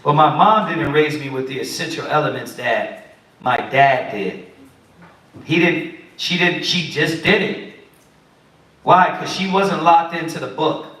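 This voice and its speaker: A man preaches in a high, bright voice, animated and pointed, acting out little quotes. The mic sits some way off, so he is heard from a distance in a very echoey room. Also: unhurried, pauses often. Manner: animated, preachy, acts out quotes of kids and parents. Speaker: Bible study teacher. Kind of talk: sermon-style teaching.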